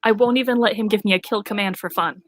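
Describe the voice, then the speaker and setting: A woman's voice: medium pitch, fairly even intonation, quick pace, no room sound. Dry-voiced woman making joking asides. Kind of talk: casual live movie-reaction chat.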